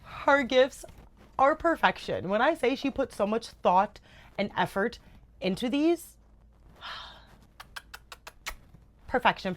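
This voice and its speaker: A young woman chats to camera about her reading in a casual, animated way. She gushes and swears freely, with an easy, chatty delivery. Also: medium pitch. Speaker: book reviewer. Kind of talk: casual chat.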